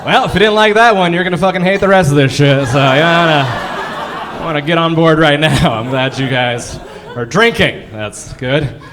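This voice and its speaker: A man's voice: on the high side, moderate pace, noisy background. A self-mocking man doing stand-up. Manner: self-deprecating, laughs through his punchlines; chatty crowd work with the audience. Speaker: stand-up comedian. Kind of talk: stand-up comedy set. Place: live comedy stage.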